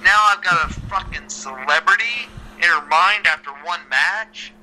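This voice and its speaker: A man guesting on an interview podcast, spinning wrestling stories in a casual, animated manner. His voice is bright and forceful, a touch higher than most men's, and he often restarts his sentences. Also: moderate pace, a little hiss or hum, low-quality recording. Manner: animated, chatty, lots of repeated starts.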